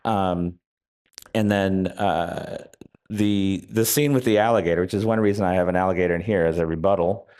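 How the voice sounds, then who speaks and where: Wry, low-voiced man telling anecdotes. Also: normal speed, darkish tone. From United States. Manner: wry, rambling anecdotes with many hesitations. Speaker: author being interviewed. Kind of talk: live onstage interview. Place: festival stage before an audience.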